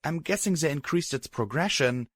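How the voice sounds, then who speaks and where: A man voicing a timid young pegasus mare with a soft, gentle way of talking, in a fan audiobook. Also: a little high, animated, moderate pace, dry recording, studio quality, voice pushed up.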